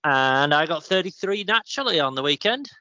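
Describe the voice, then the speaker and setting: A man's voice: on the high side, sing-song, brisk, bright, forceful tone, no room sound. A man co-hosting a casual podcast, chatting and telling stories about his week. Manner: chatty storyteller. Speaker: podcast co-host. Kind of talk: casual chat. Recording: slightly muffled dry recording.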